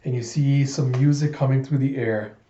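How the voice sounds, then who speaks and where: Brief: man, casual comic readthrough, mellow voice, roomy slightly muffled recording. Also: medium pitch, moderate pace. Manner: casual, excitable, laughs often. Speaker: comic reader.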